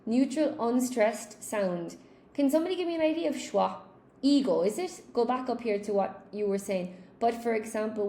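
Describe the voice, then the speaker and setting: Woman teacher, live-stream lesson; chatty, thinks aloud, answers chat; slightly high voice, roomy echo. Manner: chatty, thinks aloud, repeats thanks warmly to viewers. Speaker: English teacher.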